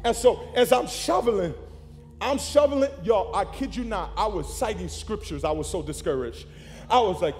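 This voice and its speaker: High-voiced man preaching in an echoey hall. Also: normal speed, slight background noise. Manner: animated preaching, calls to the congregation. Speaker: pastor. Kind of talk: sermon.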